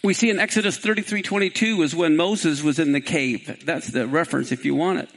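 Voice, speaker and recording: A man preaching a sermon, retelling the scripture story with animation and then dropping into a lower, conversational tone for commentary. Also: a little fast. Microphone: live-streamed.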